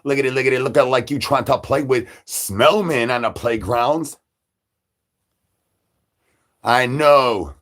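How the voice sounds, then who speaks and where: A man's voice: mid-range voice, unhurried, long pauses, a bit bright. A man hosting a livestream, rambling in a hungry zombie persona with repetitive sing-song catchphrases and crude jokes. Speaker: livestream host.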